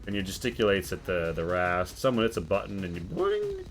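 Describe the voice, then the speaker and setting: A man narrating a tabletop role-playing game as game master, relaxed with many fillers. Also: low voice, brisk, faint music behind.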